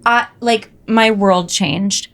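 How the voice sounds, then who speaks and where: A young woman co-hosting a podcast, telling stories in animated casual chat, full of "like" and "oh my God". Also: medium pitch, slow pace. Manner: animated storytelling, frequent "like" and "oh my God". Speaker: podcast co-host.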